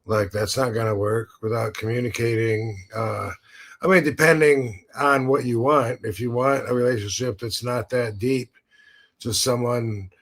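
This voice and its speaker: A man's voice: medium pitch, steady tone, measured pace, fairly bright tone. A man hosting a podcast, telling a rambling story full of restarts and acted-out quotes. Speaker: podcast host. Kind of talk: casual chat.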